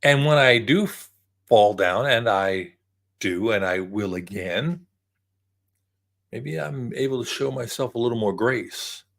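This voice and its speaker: Gravelly-voiced man in his sixties. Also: medium pitch, animated, unhurried. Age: 60s. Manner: rambling, repeats words, reflective. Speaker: vlogger. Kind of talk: casual talk to camera.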